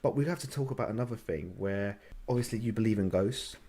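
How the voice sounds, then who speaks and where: Lower-voiced young man joking. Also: quick pace, mellow. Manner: joking, swearing banter with frequent laughs. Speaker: podcast co-host. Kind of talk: casual chat. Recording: noisy recording.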